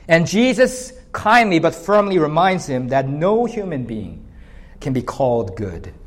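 A male pastor preaching an expository sermon, lifting his voice on emphatic points. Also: sits high.

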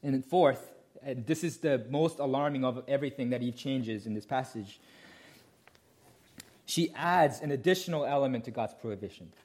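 A man's voice: medium pitch, normal speed, darkish tone. Emphatic male pastor preaching. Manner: explanatory, emphatic, asks rhetorical questions. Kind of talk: sermon.

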